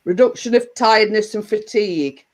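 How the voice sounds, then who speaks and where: Her voice sits at medium pitch with a darkish tone and a moderate pace, captured in a rough recording. She's a livestream host talking casually to viewers, wandering through her thoughts with many restarts and fillers.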